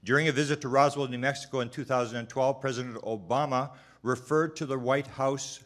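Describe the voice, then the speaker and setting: A man testifying at a public hearing, reading a prepared statement in a measured, formal way, now and then stumbling and restarting a word. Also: medium pitch, fairly even intonation, fairly bright tone.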